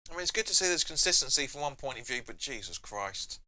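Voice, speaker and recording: A man's voice: fairly high pitch, rapid-fire, pushed and bright. A man hosting a live football watch-along, chatting casually and reading viewer comments aloud between reactions to the match. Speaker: fan channel host.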